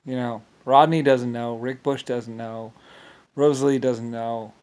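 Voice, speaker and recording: A man's voice: mid-range voice, steady tone, measured pace, darkish tone. A man delivering a rambling, agitated monologue to the camera, full of profanity and stumbling restarts.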